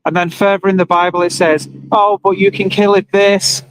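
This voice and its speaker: A man's voice: sits high, level tone, normal speed, low-quality recording. A man livestreaming outdoors by a busy road, talking earnestly and emotionally to his viewers and reading their comments aloud. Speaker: livestreamer at an animal rights vigil. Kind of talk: live-streamed casual monologue. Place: outdoors by a roadside with passing trucks.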